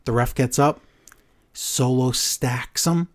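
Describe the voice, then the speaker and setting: A man co-hosting a podcast, recapping matches in casual, animated storytelling and putting on voices for the lines he quotes. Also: mid-range voice, slow. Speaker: podcast co-host.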